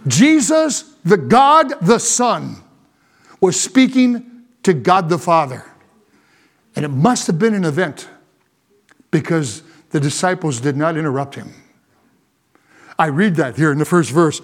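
A pastor preaching a fervent sermon, rising to shouts at times. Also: male voice, high voice, big pitch swings, a little slow.

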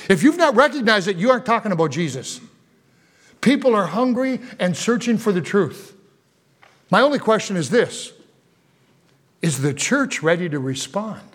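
A man's voice: high voice, fairly bright tone. An older man preaching a sermon as pastor, folksy and storytelling, building to fervent emphasis.

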